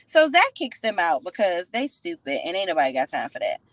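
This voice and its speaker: A woman recapping a TV episode in a sassy, opinionated way, full of lively asides. Her voice sits in a middle range and sounds dry and close, with no room around it. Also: medium pitch, a little fast, few pauses, no echo, low-quality recording. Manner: sassy, opinionated, animated retelling. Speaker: TV show recap reviewer. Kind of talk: casual episode recap and commentary.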